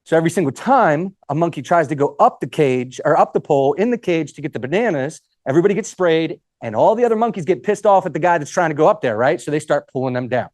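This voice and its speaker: A man's voice: fairly high pitch, expressive, fast talker, hardly any pauses, a little mellow, dry recording, clean studio sound. A man speaking at a live event, giving a casual motivational talk, joking with the crowd and swearing now and then.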